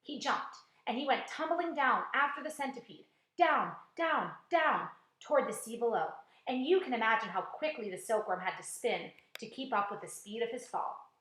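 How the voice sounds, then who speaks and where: A woman, a teacher, reading a storybook aloud in an expressive, dramatic way with hushed quiet passages. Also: a little high, normal speed. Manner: expressive, dramatic, drops to a hush for quiet scenes. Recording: echoey room.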